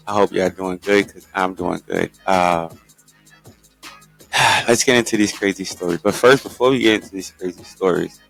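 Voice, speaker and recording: A young man hosting a casual news chat show, talking in a laid-back, joking, low-key drawl. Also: unhurried, gravelly, long pauses, a bit bright, faint music behind. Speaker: podcast host.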